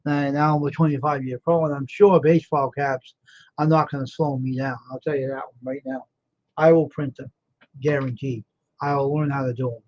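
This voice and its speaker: A man's voice: medium pitch, steady tone, normal speed, a little mellow, muffled recording. Tired, rambling man on a livestream. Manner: rambling, self-assured, talks to chat viewers by name. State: tired and yawning. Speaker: livestream host, screen printer. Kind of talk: casual livestream chat with viewers.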